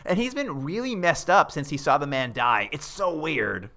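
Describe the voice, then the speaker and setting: A man's voice: on the high side, normal speed, creaky, crowd noise. A man co-hosting a podcast, casually retelling a TV episode scene by scene and acting out the characters' lines. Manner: animated retelling with quoted lines and laughs. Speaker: podcast co-host.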